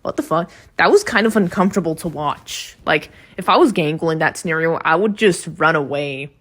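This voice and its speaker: A woman's voice: low voice, animated, a little fast, fairly bright tone. A woman giving a casual, chatty recap of a cartoon episode, with blunt, profane reactions. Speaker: video reviewer.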